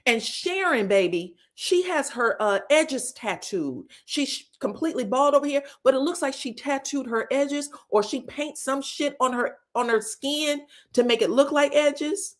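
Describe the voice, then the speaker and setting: A woman's voice: fairly high pitch, normal speed, few pauses. A woman hosting a casual reality TV recap, frank and profane, calling listeners baby and girl. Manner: animated, breaks into stutters and outbursts. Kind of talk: casual gossip commentary.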